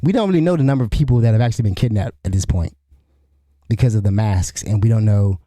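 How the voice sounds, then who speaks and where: Solo podcast host, middle-aged man, very mellow tone, rambling conversational delivery. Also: fairly low pitch, fast talker, no echo, studio quality. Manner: rambling, restarts often, asks "you know what I'm saying?". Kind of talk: solo commentary.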